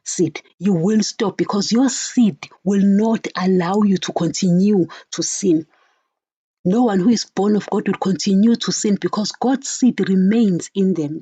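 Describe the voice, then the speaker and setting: A woman's voice: mid-range voice, unhurried, warm tone, breathy edge, dry recording, dull audio. A woman preaching informally on a podcast, earnest and direct, often turning to her listeners with "guys" and "you know".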